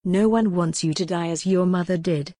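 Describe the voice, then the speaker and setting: A woman reading an audiobook voices a cool, mocking man who leads a sinister order, with a smooth, sardonic manner. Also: fairly low pitch, normal speed, warm tone, no room sound, studio quality, lightly acted. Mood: cold.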